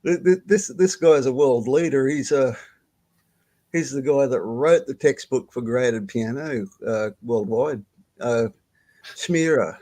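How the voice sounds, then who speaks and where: A man's voice: mid-range voice, mellow. Rambling Australian man telling a story. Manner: rambling, halting, swears freely, laughs often. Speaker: guest storyteller. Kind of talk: casual storytelling on a live stream. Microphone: video call.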